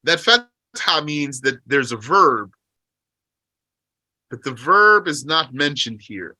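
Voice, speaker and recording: A man with a very bright, forward voice and a fairly high pitch teaches a religious text. He reads Arabic lines at speed, then slows down to explain them in English and poses questions to his listeners. The sound is close and dry. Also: sing-song, no room sound. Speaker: teacher explaining a Qur'an commentary.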